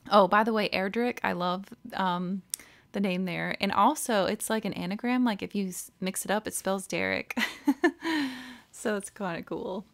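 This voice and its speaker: A woman's voice: medium pitch, normal speed, vocal fry, fairly bright tone. A woman with an Australian accent commentating a video game, reacting emotionally with frequent exclamations and reading the on-screen text aloud. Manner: emotional, exclaiming, laughs often. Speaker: let's play host. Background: game music.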